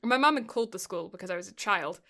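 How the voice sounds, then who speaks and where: A woman's voice: medium pitch, animated, fast talker, sharp tone. A young woman in casual chat, telling stories in a rambling way and often laughing between words. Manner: rambling storyteller, often laughing mid-sentence.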